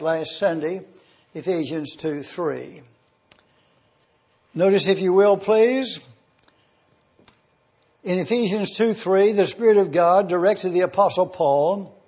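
Male pastor, high and husky, unhurried sermon delivery, dull lo-fi recording. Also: a little mellow. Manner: slow, deliberate teaching cadence with listed points.

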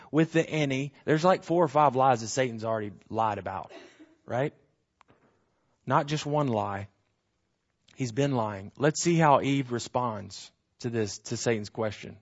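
Man teaching scripture in a lo-fi recording. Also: medium pitch. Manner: animated, rhetorical questions, acts out quotes. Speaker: Bible teacher. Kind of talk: conversational Bible teaching.

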